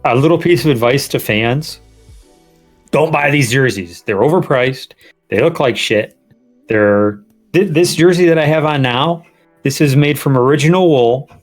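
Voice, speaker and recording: A man co-hosting a sports podcast, telling stories in a profane, animated way and laughing. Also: medium pitch, normal speed, soft background music. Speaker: podcast co-host. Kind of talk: casual sports podcast banter.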